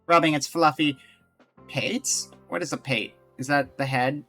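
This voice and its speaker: Over faint background music, a man streaming a game talks with his audience and reads the on-screen text out loud. He speaks briskly with lively intonation, his bright, forward voice at a typical male pitch, in casual live commentary.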